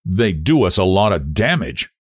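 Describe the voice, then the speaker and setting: Man doing a slow, stubborn farm lad. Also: low-pitched, big pitch swings, breathy edge, no echo, clean studio sound, full character voice. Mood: blunt. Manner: broad dialect, blunt teasing.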